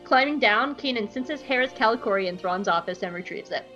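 A woman hosting a podcast, recapping an episode in an animated, profane, jokey way on a close mic. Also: fairly high pitch, a little fast, dull audio, faint music behind. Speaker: podcast host.

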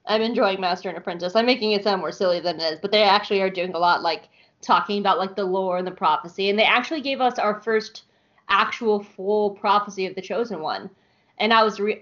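A woman co-hosting a podcast, chatting casually about a cartoon series, chatty with frequent laughs and fillers. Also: medium pitch. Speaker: podcast co-host. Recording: dull lo-fi sound.

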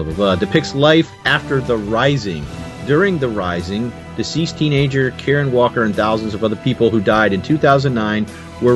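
Guy goofing around on a podcast, reads stuff out, faint music behind. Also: mid-range voice. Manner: jokey, reads aloud quickly, laughs often. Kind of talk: casual podcast chat.

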